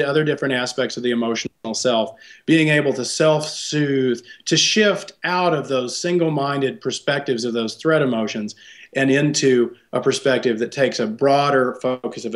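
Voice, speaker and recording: Speaking at a medium pitch, the man is a psychologist guest in an interview. He works through ideas thoughtfully, regularly adding tag questions to check understanding.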